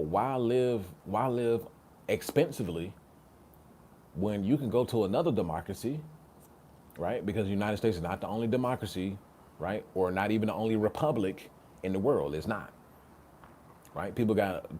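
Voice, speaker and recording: A man with a fairly low, mellow voice hosts a casual livestream, with a little hiss or hum on the recording. He reads chat comments and talks emphatically in slang, repeating himself and tagging points with a rhetorical "right?".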